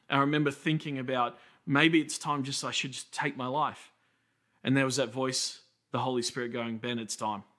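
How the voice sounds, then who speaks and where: An Australian pastor in his thirties gives a sermon built on conversational stories and quick side remarks. He speaks at a medium pitch with a slightly bright quality.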